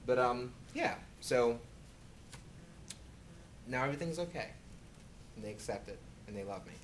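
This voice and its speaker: A man answering student questions in casual talk at a university, animated and acting out quoted dialogue from his own stories. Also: mid-range voice, moderate pace, a little hiss or hum. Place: university lecture room.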